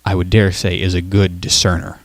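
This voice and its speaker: Guy hosting a talk show, lowish voice, dry close mic, chatty n laughs a lot. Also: flat delivery, brisk, vocal fry, dry recording. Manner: chatty, laughs often, reads listener comments aloud. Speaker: show host. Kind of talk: casual chat.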